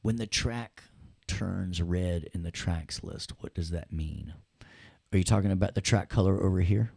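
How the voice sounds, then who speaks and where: A man teaching audio software in a casual, jokey way, talking straight to his students. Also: low voice, normal speed, creaky, slightly rough, no echo, studio quality. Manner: chatty, jokey, addresses students directly. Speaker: audio production instructor. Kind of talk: casual screen-share software lesson.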